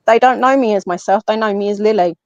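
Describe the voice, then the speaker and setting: A woman's voice: medium pitch, quick pace, no echo. English woman telling a story animatedly. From England. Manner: animated, tells the story by acting out what others said. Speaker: guest, medium and paranormal investigator. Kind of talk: casual storytelling in a podcast interview. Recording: slightly muffled, dry lo-fi audio.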